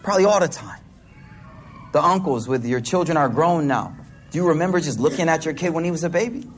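A man's voice: a little high, fairly quick, faint music behind. A man giving a sermon to an audience in a hall, mixing casual slang with religious teaching and acting out voices. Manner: casual slang-filled preaching, animated voices. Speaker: preacher.

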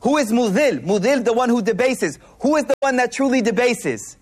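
A man giving a sermon to a live audience, telling stories in an animated way, laughing as he goes, and using casual slang with lots of repeated words. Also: extremely high pitch, moderate pace. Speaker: Islamic speaker.

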